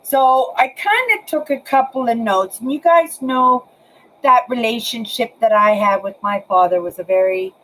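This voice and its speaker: Speaking to viewers from her apartment, the Canadian vlogger in her sixties rambles and repeats words in casual talk to camera. Her voice is on the high side and a bit bright, at a moderate pace, with slight background noise on a rough recording.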